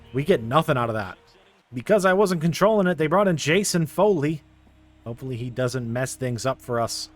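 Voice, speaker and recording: Young man calling a baseball video game. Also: on the high side. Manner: play-by-play narration, quickly frustrated. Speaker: gaming YouTuber. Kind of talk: casual video game commentary.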